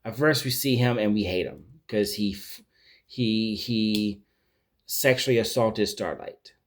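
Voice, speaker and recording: Deep-voiced man rambling through a TV recap. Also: unhurried, a little hiss or hum. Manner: rambling, animated, searching for words. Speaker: pop culture vlogger. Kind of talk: casual TV show recap.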